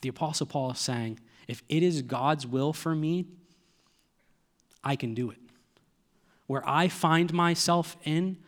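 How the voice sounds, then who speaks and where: A man's voice: a little high, measured pace, long pauses. A man, preaching a sermon earnestly and asking the listeners rhetorical questions. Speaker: pastor.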